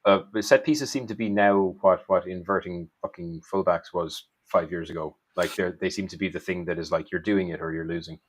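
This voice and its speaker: A man with a very low, deep voice trades football talk on a casual podcast. His tone is wry and teasing. He relishes a dry punchline. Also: steady tone, fairly quick, hardly any pauses. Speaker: podcast co-host.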